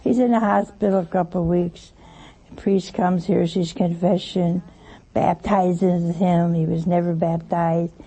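A woman's voice: lowish voice, level tone, unhurried, warm tone, slightly rough. An older woman giving a folksy sermon, teasing her listeners with questions and anecdotes. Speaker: preacher.

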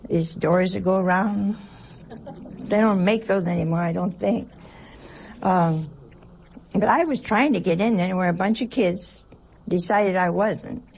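A woman's voice: lowish voice, creaky, darkish tone, slight background noise. An older woman, a nun, giving a conversational sermon, telling anecdotes and asking rhetorical questions. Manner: chatty, asks rhetorical questions, tells anecdotes. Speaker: nun giving a religious talk.

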